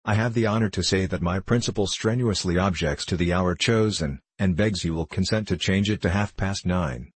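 A man voicing a formal, courteous gentleman acting as a second in a duel, in a storybook reading. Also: low-pitched, normal speed, few pauses, breathy edge, no room sound.

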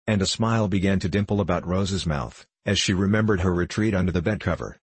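Man reading an old storybook, low husky voice, really dry sound. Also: fast talker, few pauses, no echo. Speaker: audiobook narrator. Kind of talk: scripted narration of a classic novel.

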